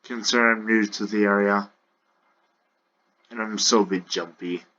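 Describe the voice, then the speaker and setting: A man narrating an improvised role-play story at a slow pace, with frequent false starts. His voice is low-pitched with a bright edge. The recording is lo-fi and dull. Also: steady tone. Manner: halting, with frequent restarts.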